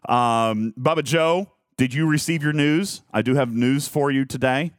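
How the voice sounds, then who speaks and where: A man hosting a live stream, talking in a rambling, self-mocking way with lots of halting restarts. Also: medium pitch, no echo, clean studio sound. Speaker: host of a live game talk stream. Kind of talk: casual live-stream chat.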